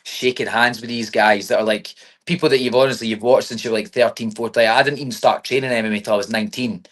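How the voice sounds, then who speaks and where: A man's voice: mid-range voice, steady tone, quick pace, a bit bright. A young man from Scotland with a Scottish accent, a fighter chatting in an interview, filling his talk with "mate". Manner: chatty, says mate and you know what I mean often. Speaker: MMA fighter. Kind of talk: casual interview.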